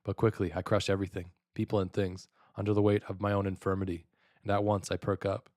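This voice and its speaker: A man's voice: low voice, level tone, quick pace, a little mellow, dry recording, studio quality. A man narrating a first-person literary monologue in a brooding, theatrical confessional manner. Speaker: audiobook narrator.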